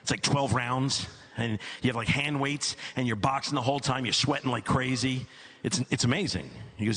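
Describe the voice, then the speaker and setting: A middle-aged man doing stand-up comedy on stage, telling a long story with repeated phrases and mounting exasperation. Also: quick pace. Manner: animated storyteller, repeats phrases for comic effect, climbs high when exasperated. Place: comedy stage before a live audience.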